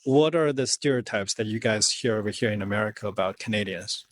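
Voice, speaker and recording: A man's voice: lowish voice, slight background noise. A man asking passersby questions in a street interview, echoing their answers back. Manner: brisk, prompting, echoes answers back.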